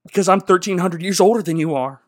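A man voicing an awkward young queen who speaks in a stiff, flat way. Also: sits high, fast, dry recording, studio quality, close to an everyday voice. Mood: aloof.

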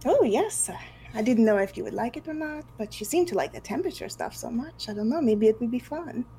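A woman's voice: fairly high pitch, big pitch swings, a little fast, dark tone, faint music behind, rough recording. A woman voicing a flirty male monster lover in a put-on Italian accent, playful and teasing. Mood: apologetic.

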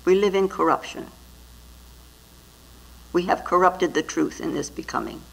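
A woman's voice: on the low side, a little slow, vocal fry, poor audio. A woman Zen teacher giving a dharma talk, telling stories and often adding little tag questions. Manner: storytelling with frequent tag questions.

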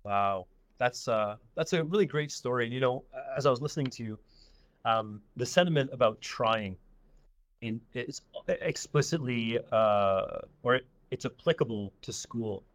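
A man's voice: mid-range voice, animated, unhurried. A man hosting an interview, reacting to his guest and thinking aloud as he speaks. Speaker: host. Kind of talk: casual interview chat.

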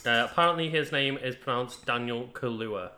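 Male co-host, easygoing, bright and sharp tone. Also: mid-range voice, moderate pace. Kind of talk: casual chat.

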